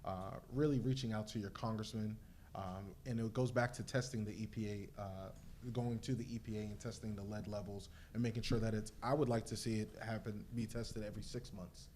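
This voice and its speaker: A man's voice: fairly low pitch, fairly even intonation, brisk, darkish tone, slight background noise. A man speaking as a panelist and community activist, earnest and hesitant, with many fillers. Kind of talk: panel discussion.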